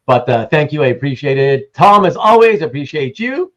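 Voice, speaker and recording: A man's voice: a little high, very animated, normal speed, fairly bright tone. Rambling man hosting a livestream. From Canada. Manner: rambling, greets chat viewers by name, swears casually. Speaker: livestream host. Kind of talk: casual livestream chat.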